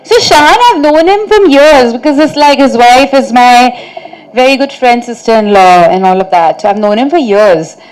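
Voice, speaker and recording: A woman's voice: a little high, moderate pace, a little mellow, low-quality recording. A woman, an actress answering reporters' questions at a press meet in a chatty, storytelling way, often laughing through funny anecdotes. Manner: chatty, storytelling, frequent "like" and "you know".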